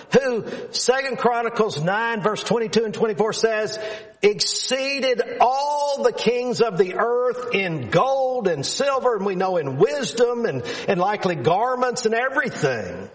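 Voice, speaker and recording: A man preaching a sermon to his congregation in an earnest, emphatic way, repeating phrases for stress. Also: high voice.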